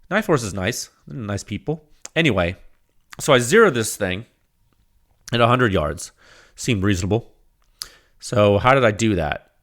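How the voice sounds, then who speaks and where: A man hosting a casual solo podcast, rambling and animated, with frequent restarts, laughs and acted-out quoted exchanges. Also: medium pitch. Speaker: podcast host.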